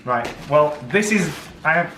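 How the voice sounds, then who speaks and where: A man's voice: on the high side, lively intonation, a little slow, noisy background. A man co-hosting a home vlog in casual chat, dry and joking. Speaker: vlogger, co-host. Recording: echoey room with faint music.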